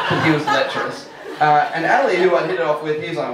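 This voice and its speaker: A man's voice: on the high side, fast, a little hiss or hum. A man telling a funny personal story live on stage, casual and self-mocking, laughing through his lines. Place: live storytelling venue with audience. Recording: echoey hall, mic far off.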